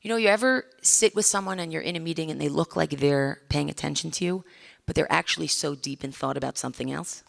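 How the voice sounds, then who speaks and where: A woman's voice: low voice, fast talker, gravelly. A middle-aged woman giving a conversational lecture to a live audience in a lecture room, putting questions to the listeners and acting out little scenes. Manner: animated, acts out little scenes.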